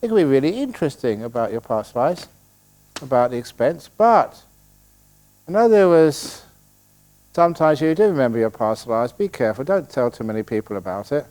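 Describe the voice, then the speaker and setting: An older man, a meditation teacher answering retreat questions in a joking, storytelling way, with a middle-pitched voice. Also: expressive, moderate pace, darkish tone. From England. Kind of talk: humorous Q&A talk at a retreat. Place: meditation hall.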